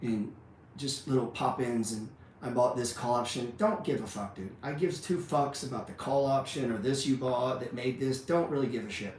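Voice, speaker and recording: A man of middling pitch delivers a blunt, profane motivational rant, leaning on "man" and "dude". He sounds like a trading teacher pushing his students hard. His voice rings in a very echoey room from some way off the mic, with faint noise beneath. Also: moderate pace, darkish tone, far from the mic. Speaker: trading educator.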